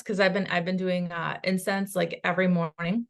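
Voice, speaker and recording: A woman psychic medium in casual chat, talking in an animated, rambling way with quick asides. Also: on the low side, creaky.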